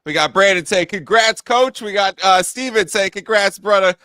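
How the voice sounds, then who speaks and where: Bright-voiced male sports talk host. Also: high voice, moderate pace, clean tone, no echo. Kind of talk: sports betting talk show.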